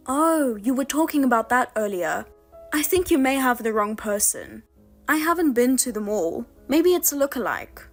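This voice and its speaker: A woman narrating a text-message story in a steady, plainly read scripted style. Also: on the high side, normal speed, soft background music.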